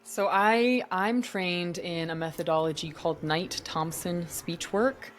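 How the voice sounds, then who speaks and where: A woman with a lowish voice lays out her ideas the way a vocal coach teaches, clear and articulate. She is answering a podcast interviewer. A faint hiss sits under the recording. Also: unhurried. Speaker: actor and vocal coach, guest.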